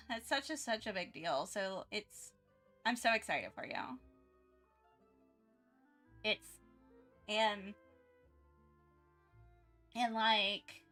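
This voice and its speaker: Excitable bright-voiced woman streamer. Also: mid-range voice. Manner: excitable, chatty, rambling with many restarts. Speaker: art streamer. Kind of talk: casual livestream chat.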